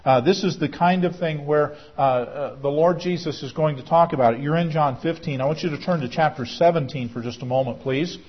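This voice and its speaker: A male pastor preaches a sermon earnestly, explaining each point and now and then restarting a word. His voice is husky and a little higher than most men's. The recording sounds dull and lo-fi.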